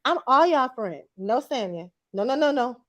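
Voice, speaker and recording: A woman's voice: sits high, animated, moderate pace. A woman co-hosting a casual reality-TV recap chat, blunt and slangy, laughing often. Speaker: podcast co-host.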